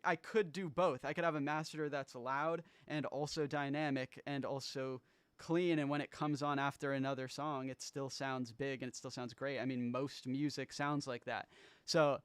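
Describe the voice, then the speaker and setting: A man's voice: medium pitch, fairly bright tone, clean tone, dry recording. A man casually breaking down how he made his own album on a livestream, rambling loosely, swearing, trailing off and restarting.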